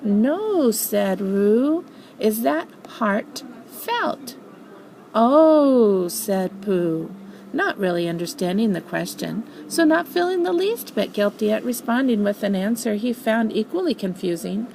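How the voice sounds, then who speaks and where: An older woman, a grandmother, reading a storybook aloud in an expressive, animated way. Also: mid-range voice, moderate pace, gravelly, slight background noise, rough recording.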